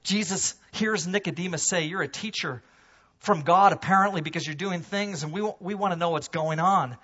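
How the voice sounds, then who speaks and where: A man preaching a sermon to his congregation, animated, swinging from loud emphasis to hushed low asides. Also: normal speed, muffled recording. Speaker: pastor. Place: church sanctuary.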